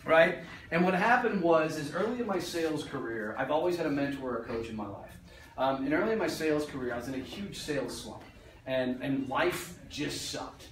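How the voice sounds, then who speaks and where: This motivational speaker has a slightly high, animated voice and talks fairly quickly, addressing businesspeople bluntly with jokes and casual swearing. He's recorded in a meeting room with roomy echo from a distance.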